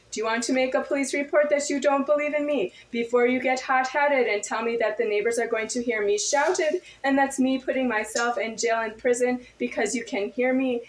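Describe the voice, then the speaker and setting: A woman's voice: fairly high pitch, roomy sound, a little hiss or hum, rough recording. A woman in a confrontational monologue to camera, firing off insistent, repetitive rhetorical questions.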